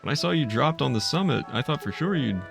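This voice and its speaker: A man's voice: mid-range voice, animated, quick pace, vocal fry, music in the background, pitched above the performer's own voice. A man voicing a burly, fretful male pirate sailor in a video game, talking in a fussing way. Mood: relieved.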